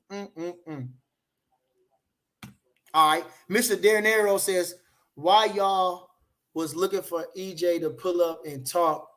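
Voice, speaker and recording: A man hosting a live boxing talk show, reading the chat aloud and trash-talking loudly with plenty of profanity. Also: very high voice.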